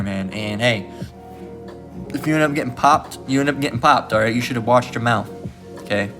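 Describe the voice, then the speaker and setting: A man's voice: mid-range voice, quick pace, sharp tone, soft background music. A man teaching from scripture in a casual sermon, repeating "okay?" and "all right?" as he goes. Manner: informal, repetitive, keeps asking "okay?" and "all right?". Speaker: Bible teacher.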